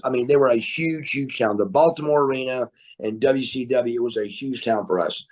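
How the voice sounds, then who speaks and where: A man guesting on a podcast, telling stories in an animated way, repeating words and laughing as he goes. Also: medium pitch. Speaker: guest, former wrestler. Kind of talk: storytelling interview. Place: remote interview, podcast.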